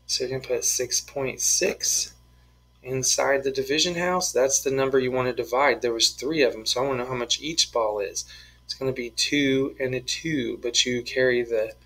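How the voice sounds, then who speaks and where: A male math teacher works through problems aloud, step by step, cracking small jokes as he goes. His voice is bright and forward with a slightly husky edge. He sounds easygoing and playful. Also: medium pitch, moderate pace, low-quality recording. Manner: playful, jokey, talks through each step. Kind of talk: screen-recorded math lesson, working problems aloud.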